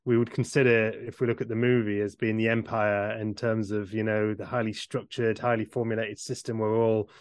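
Reflective man with soft laughs. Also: on the low side, little pitch movement, brisk, few pauses, clear, resonant tone, no echo, studio quality. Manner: reflective, laughs often, hesitant. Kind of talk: casual conversation.

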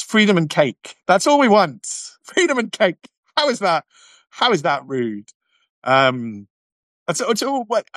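This YouTube channel host's voice is a little high and a bit bright, with no echo. During a casual livestream chat he reads viewer comments aloud and responds bluntly, tossing in sardonic asides.

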